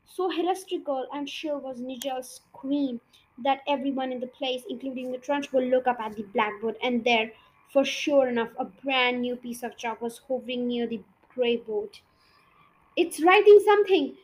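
A woman reading a children's novel aloud, expressive and with small slips. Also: high-pitched, moderate pace, slight background noise, poor audio. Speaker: storybook reader.

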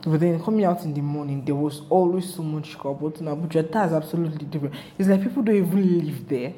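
A young Nigerian woman with a Nigerian accent, chatting casually in a vlog, telling her travel stories with animated, rambling asides. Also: low-pitched, quick pace, slight background noise. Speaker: travel vlogger.

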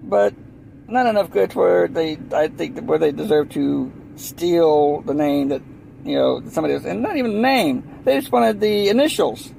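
High gravelly man rambling sarcastically. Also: animated, normal speed, a little mellow, slight background noise, low-quality recording. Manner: rambling, sarcastic, stumbling restarts, mock voices. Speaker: comedian. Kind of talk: rambling stand-up style monologue.

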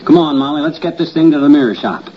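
An actor playing a jittery, blustering husband, in 1950s radio comedy style. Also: male voice, on the high side, fast, close to an everyday voice. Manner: blustering, nervous, exclaims. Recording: muffled old radio broadcast with hiss.

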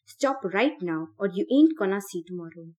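Woman reader voicing a calm, commanding teen boy, warm mellow tone. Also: mid-range voice, moderate pace, close to an everyday voice. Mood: firm. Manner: calm and firm. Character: calm, steely teenage boy leader.

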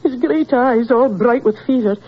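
A woman's voice: a little high, normal speed, close to an everyday voice. A woman playing a tearful, stammering landlady. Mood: tearful pleading. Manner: breathless, stammering, pleading. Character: tearful older landlady, anxious and devoted. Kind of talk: 1940s radio acting. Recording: dull old radio broadcast.

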